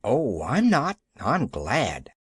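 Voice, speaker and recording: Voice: mid-range voice, wildly swooping pitch, very slow, breathy edge, no echo, clean studio sound, full character voice. A reader voicing an eager, cheerful little orphan girl. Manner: bright, eager, upbeat.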